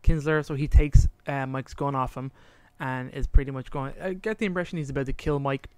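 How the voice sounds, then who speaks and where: A man co-hosting a podcast recaps a story in animated casual chat, slipping into the characters' lines as he goes. His voice is smooth and clear, at an ordinary middle pitch, recorded dry and close on a podcast mic. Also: fairly quick, no echo. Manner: animated retelling, acting out quotes, trailing off to recall details. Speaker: podcast co-host.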